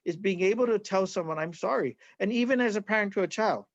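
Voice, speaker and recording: Earnest Hawaiian healer man, high voice. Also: fast, no echo, muffled recording. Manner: earnest, repeats "right?" often. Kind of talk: conversational interview, teaching.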